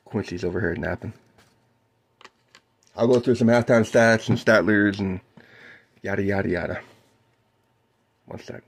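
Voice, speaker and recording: A man doing live play-by-play of a basketball game for his stream, whooping and shouting on big plays and chatting mellowly with his viewers between plays. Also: fairly low pitch, normal speed, vocal fry, long pauses.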